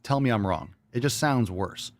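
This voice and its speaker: A man's voice: mid-range voice, lively intonation, normal speed, no echo. A man hosting a podcast, reacting to clips with crude, combative, profanity-laced rants. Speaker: podcast host.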